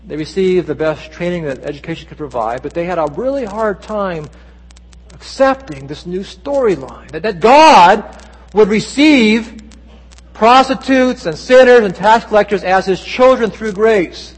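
High-voiced male pastor preaching in reverb. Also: expressive, unhurried, husky. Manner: earnest storytelling preaching with dramatic quotes. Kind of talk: sermon. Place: church sanctuary. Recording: long church reverb.

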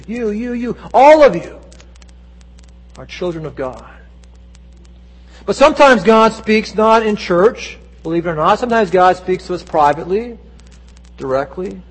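A man's voice: on the high side, husky. A male pastor delivering a Sunday sermon in a church, telling stories earnestly with dramatic voiced quotes. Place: church sanctuary. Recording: long church reverb.

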